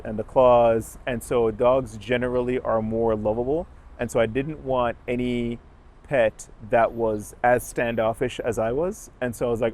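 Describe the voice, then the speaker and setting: A young man from Jamaica talks in a loose, casual way, often stopping to correct himself as he tells a story. He is outdoors on a city street with traffic passing behind him. His voice sits at an ordinary pitch for a man. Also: a little mellow. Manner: rambling, self-correcting storyteller. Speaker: dog owner. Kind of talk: casual chat.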